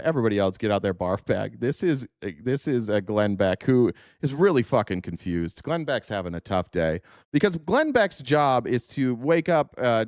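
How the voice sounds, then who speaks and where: A man's voice: medium pitch, smooth, no echo, studio quality. A man hosting a casual political commentary show, sarcastic and profane, firing off rhetorical questions. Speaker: host.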